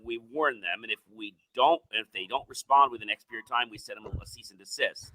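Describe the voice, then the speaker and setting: A man hosting a podcast, talking casually and telling animated stories, mimicking other people's voices. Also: mid-range voice, brisk, low-quality recording. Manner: animated storyteller, acts out quoted voices. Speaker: podcast host.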